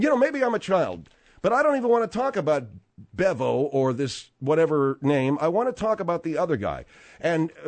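A man hosting sports talk radio, with a slightly high voice that swings widely in pitch. He rambles, restarts his sentences and banters. The sound is dry and close-miked. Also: no room sound. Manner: animated, rambling, with frequent restarts. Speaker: radio show host.

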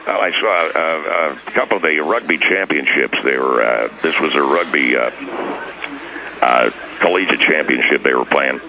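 A man's voice: very deep voice, moderate pace, background noise, pitched below the performer's own voice. An actor playing a bitter, rambling male school coach calling in to a radio comedy sketch. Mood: grumbling. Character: grumbling, blunt male school sports coach. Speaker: caller.

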